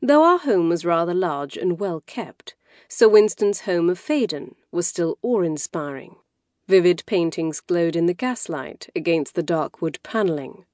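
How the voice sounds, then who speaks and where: A woman reads a first-person audiobook, her voice sitting on the low side. She tells the story in a wry, measured way. The recording is close and dry, with no room sound. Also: animated, a little mellow, dry recording. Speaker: audiobook narrator. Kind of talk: scripted first-person narration. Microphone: close studio mic.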